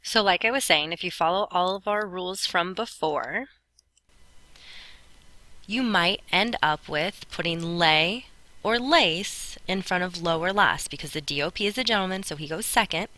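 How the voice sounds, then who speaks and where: Bright, dry-voiced woman teaching a lesson. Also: fairly low pitch, moderate pace, no echo. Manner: clear, patient, explaining step by step. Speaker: Spanish teacher. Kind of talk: recorded classroom lesson over notes.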